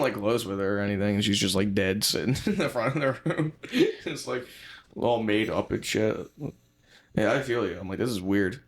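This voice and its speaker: Low-voiced young man, jokey and profane. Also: gravelly. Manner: swears a lot, jokey, acts out quotes. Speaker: podcast guest, comedian. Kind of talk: casual chat.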